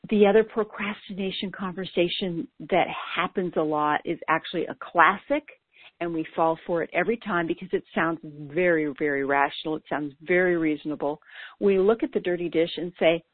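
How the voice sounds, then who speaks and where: Woman, ADHD coach, earnest playful scripted talk, lowish voice, dry tinny phone-like audio. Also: normal speed, no room sound.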